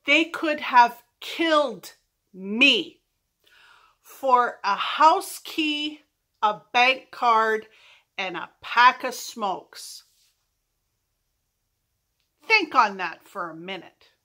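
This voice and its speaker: A middle-aged woman telling a storytime vlog in an animated, self-mocking way. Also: fairly high pitch, very slow, pauses often. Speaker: vlogger.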